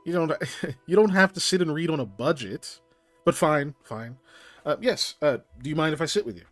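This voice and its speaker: A man voicing a suave male devil who flatters and gently mocks, with a voice pitched a bit above his own, in a tabletop game. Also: normal speed, no echo, faint music behind. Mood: teasing. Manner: smooth, flattering, gently mocking. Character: suave teasing male devil, generous patron.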